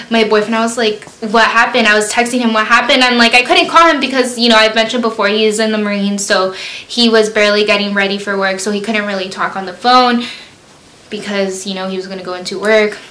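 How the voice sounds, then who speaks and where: A woman's voice: medium pitch, steady tone, brisk, pushed and bright. A young woman vlogger telling a storytime in a chatty way, full of fillers, acting out her own panicked quotes. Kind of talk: storytime vlog. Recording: echoey room.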